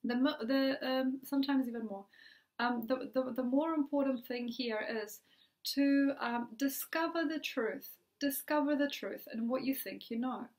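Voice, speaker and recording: A woman astrologer giving a forecast in a dreamy, repetitive way, with many pauses and ums. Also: high voice, a little mellow.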